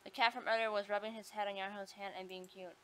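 A woman reading a story game aloud, acting out the heroine's lines with expressive delivery. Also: medium pitch, fast talker, slight background noise. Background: game music.

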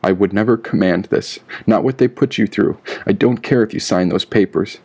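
A man reading the part of a male ally speaking in a hushed, urgent way in an audiobook. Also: on the low side, normal speed, breathy edge.

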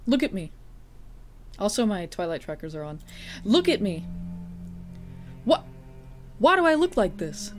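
A woman's voice: on the high side, very animated, measured pace, pauses often, faint music behind. A woman streaming a game live, chatting casually with viewers, greeting them by name and teasing them with frequent laughs. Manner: playful teasing. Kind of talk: casual live-stream chat while gaming.

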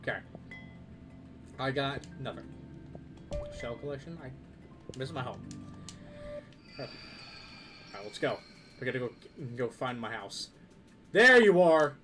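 A man giving excitable let's play commentary, swearing and talking to the game as he plays. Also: medium pitch, takes it slowly, pauses often. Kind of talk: gameplay commentary. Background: game music.

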